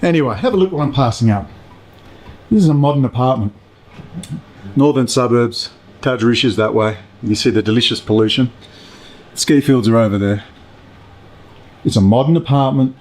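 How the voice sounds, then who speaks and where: Man, self-shot vlog in an apartment, furious swearing rant to camera, mid-pitched voice. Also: normal speed, long pauses, a little mellow. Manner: heated, ranting, heavy swearing. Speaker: video blogger. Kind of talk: angry profane monologue to camera. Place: apartment indoors.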